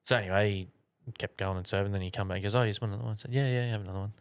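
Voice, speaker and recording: A young man with a fairly low voice, spinning a rambling yarn as a podcast co-host. He swears constantly and keeps it loose and conversational. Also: little pitch movement, racing, smooth. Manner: swears a lot, rambling anecdote. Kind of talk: casual storytelling chat.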